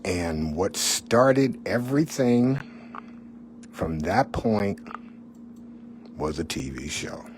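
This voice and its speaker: A middle-aged man with a low-pitched voice tells a personal story. He talks candidly and conversationally, and keeps turning to the listener with little asides. A faint hiss sits under his voice. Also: lively intonation, extremely slow, pauses often. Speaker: former TV weatherman.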